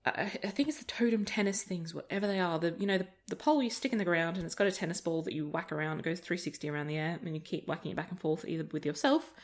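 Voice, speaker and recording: A woman's voice: fairly low pitch, quick pace, few pauses. A woman chatting casually while playing a game, rambling through stories and laughing often. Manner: rambling anecdotes with frequent laughter. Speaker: gaming video creator. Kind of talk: casual let's-play chat.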